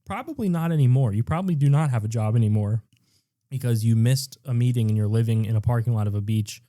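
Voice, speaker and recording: Rambling man with a very dark voice. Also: mid-range voice, fast talker, no echo, studio quality. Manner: rambling, profane, self-deprecating. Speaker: podcast co-host. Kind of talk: casual chat.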